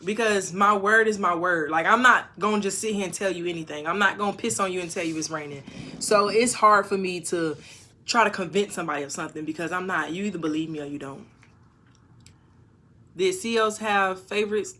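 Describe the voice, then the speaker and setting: A woman on a casual livestream, reading viewer comments aloud and answering them frankly, with sudden loud bursts. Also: lowish voice, brisk. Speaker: YouTuber answering live chat. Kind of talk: casual live-stream chat.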